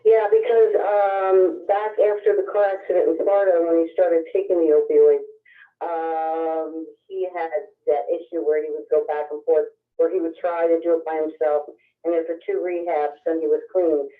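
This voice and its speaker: A woman's voice: sits low, flat delivery, moderate pace. A woman caller answering a psychic's questions, hesitant, with many ums. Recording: tinny phone line.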